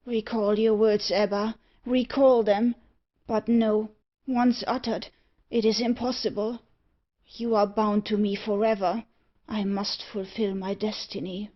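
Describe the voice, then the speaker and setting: A woman voicing a haunted young gentleman in a gothic audiobook, speaking gravely and earnestly about a fate he cannot escape. The audio is slightly dull and lo-fi, and the pitch sits in a middle range. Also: flat delivery, unhurried, natural voice. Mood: despairing. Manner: earnest, brooding. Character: young gentleman with a dark secret.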